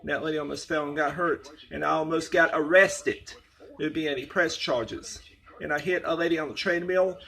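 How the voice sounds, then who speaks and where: A man's voice: on the high side, fairly even intonation, a little fast, a bit bright. A man telling a long story in a rambling spoken monologue, circling back and repeating the same points. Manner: repetitive, circling retelling.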